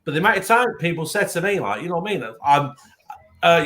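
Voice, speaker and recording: A man's voice: a little high, fast. A man with a northern English accent, telling stories in a casual live-stream chat and swearing freely. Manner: animated storyteller, swears freely. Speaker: guest beer reviewer.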